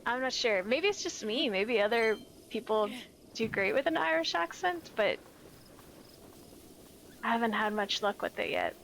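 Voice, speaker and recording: A woman's voice: on the high side, animated, moderate pace, pauses often, a bit bright, slight background noise. An American woman streaming a game, chatting casually with viewers, reading their messages and often searching for her words. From United States. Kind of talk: casual chat with viewers while gaming.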